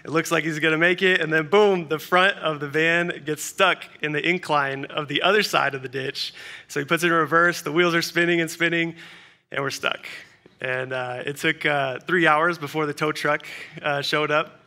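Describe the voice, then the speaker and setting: A young man delivering a sermon in a bright, slightly high voice. He talks in a relaxed, conversational way, with casual fillers as he moves from a story into scripture. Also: moderate pace. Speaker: pastor.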